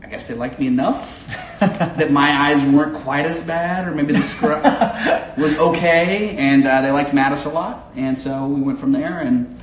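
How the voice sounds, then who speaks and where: A man's voice: a little high, unhurried. A man, a police dog handler, answering interview questions in a friendly, easygoing way. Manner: friendly, laughs easily. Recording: echoey room with faint noise.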